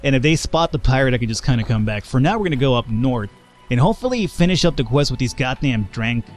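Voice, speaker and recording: A man giving let's play commentary as a channel host, excitable and profane, joking and laughing often, a little tipsy and slurring. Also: medium pitch, quick pace, faint music behind.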